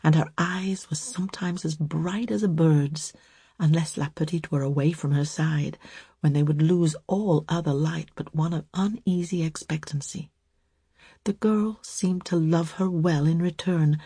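A woman reading a story aloud as narrator, slow, calm and measured. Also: sits low, breathy edge, no room sound, studio quality.

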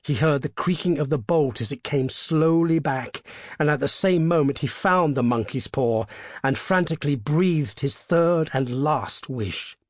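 A man reading a short story aloud in a measured, hushed and tense way, as scripted narration. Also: a little high, no echo, clean studio sound. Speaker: reader.

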